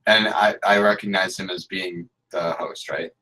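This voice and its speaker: A man's voice: deep voice, fairly even intonation, normal speed, bright, forceful tone, poor audio. A man in a tabletop game session talking as a player, hesitant and often restarting his words. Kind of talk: casual game talk.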